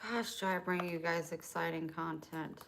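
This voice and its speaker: A middle-aged woman vlogging casually, chatting and loudly scolding her dog. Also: on the low side, moderate pace, vocal fry, heavy background noise. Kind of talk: casual vlog talking to her pets.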